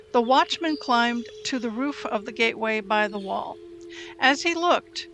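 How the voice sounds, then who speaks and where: A woman reading scripture aloud in a measured, storytelling way. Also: on the high side, sharp tone. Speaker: Bible reader.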